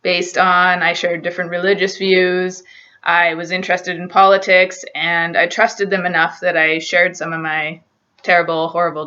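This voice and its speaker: A woman's voice: on the low side, bright, forceful tone. A young woman telling a personal story to camera in an earnest, emotional, searching way, on a dull lo-fi recording. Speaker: vlogger. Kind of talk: personal confessional vlog.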